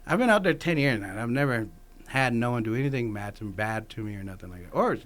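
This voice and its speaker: A man's voice: mid-range voice, lively intonation, fast, a bit bright. A man from Texas, a podcast guest, telling stories in a laid-back, casual way, swearing freely and laughing often. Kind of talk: casual conversation.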